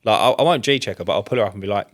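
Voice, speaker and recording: Bloke co-hosting a podcast, rattles off a story quick, slangy. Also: male voice, lowish voice. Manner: fast, animated storyteller with slang. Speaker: podcast co-host. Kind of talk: casual storytelling chat.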